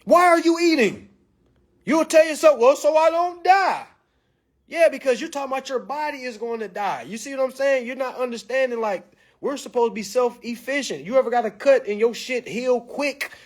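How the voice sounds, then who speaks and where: A man holds forth in a profane monologue. He talks bluntly and provocatively, lecturing his listeners like a preacher. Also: extremely high pitch. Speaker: vlog commentator. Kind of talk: ranting monologue.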